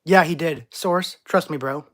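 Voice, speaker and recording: A man's voice: fairly high pitch, a little slow, a bit bright. A man hosting a live stream, reading chat questions aloud with playful, jokey overreactions. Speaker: channel host.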